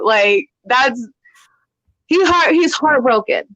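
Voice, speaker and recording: A woman co-hosting a podcast, animated and full of rhetorical questions in casual chat about a TV show. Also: a little high, slow pace, dry recording, dull audio. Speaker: podcast co-host. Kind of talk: casual TV discussion.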